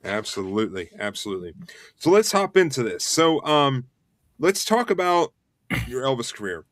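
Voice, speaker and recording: An eager man hosting a casual online chat show, rushing through his plugs with plenty of "uh"s. His voice sits at a middle pitch. The sound is dry and close. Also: no echo. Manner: rushed, energetic promo talk with fillers. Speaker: host.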